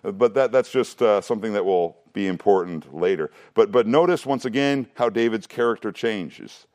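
A man's voice: on the low side, normal speed, a little mellow. A man preaching a sermon in a conversational way, often asking "right?" and acting out characters. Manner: conversational, asks rhetorical questions, laughs often. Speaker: pastor.

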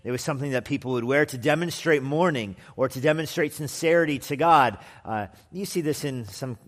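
A man's voice: mid-range voice, a little fast. A man preaching an expository sermon as pastor in a conversational manner with wry asides, sometimes acting out quoted voices. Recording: long hall reverb.

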